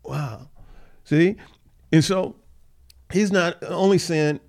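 A man's voice: fairly high pitch, slow pace, creaky, long pauses. Man teaching a Bible study. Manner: reads scripture aloud, then paraphrases it conversationally with many uh fillers; animated, acts out the scoffers' voices in a mocking tone.

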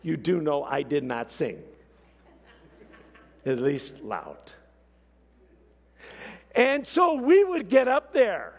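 Man, preacher, high lively voice, gravelly edges, slow deliberate delivery, long hall reverb. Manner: storytelling, animated swings between hushed and shouted. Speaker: pastor. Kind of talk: sermon.

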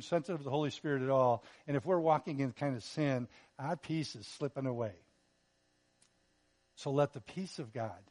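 A man preaching a sermon, earnest and repetitive, swinging between loud emphasis and quiet appeals. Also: medium pitch. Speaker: pastor.

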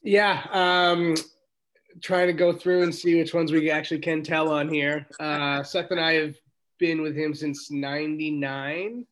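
A man's voice: a little high, little pitch movement, unhurried, a bit bright, slight background noise. A man guest on a podcast, thinking aloud as he recalls years of friendship. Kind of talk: casual recollection.

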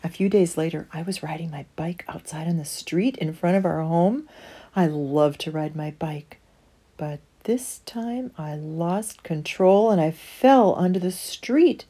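A woman reading a children's picture book aloud in an expressive storytelling manner. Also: on the low side, unhurried, breathy edge.

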